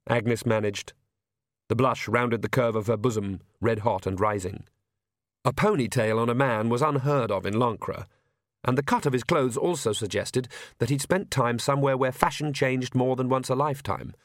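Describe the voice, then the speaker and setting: A male narrator reading a comic fantasy audiobook with measured, wry timing. His voice sits at an ordinary male pitch, and the recording is dry and close. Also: no room sound. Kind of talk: scripted narration.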